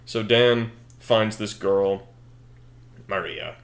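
A young man co-hosting a podcast, thinking a story out loud in casual chat with lots of fillers and self-corrections. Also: lowish voice, very slow. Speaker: podcast co-host.

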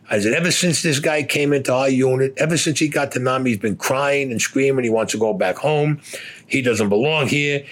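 A man bluntly recounting a war story in rough, profane, casual speech. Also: mid-range voice. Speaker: veteran storyteller.

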